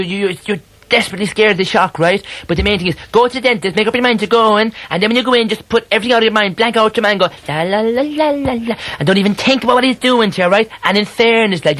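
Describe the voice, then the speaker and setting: A man's voice: high voice, fairly bright tone, no echo. A man playing a chatty, fussy, sentimental Cork hairdresser on a 1980s comedy radio show, rambling and gossipy with a Cork accent. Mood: earnestly advising. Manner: rambling, breathless, gossipy, full of "like" and "you know". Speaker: comic character guest on radio.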